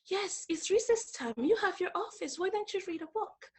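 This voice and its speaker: A woman voicing her former boss, a soft-spoken and strict school administrator who corrects her quietly. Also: very high-pitched, expressive, normal speed, pitched above the performer's own voice. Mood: scolding softly.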